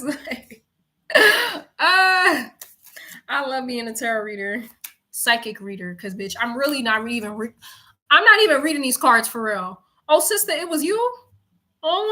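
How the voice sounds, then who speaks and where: With a fairly high, pushed and bright voice, this young woman gives an animated, slightly slow tarot reading. She's chatty and profane, laughs often and talks to her viewers as if they were friends.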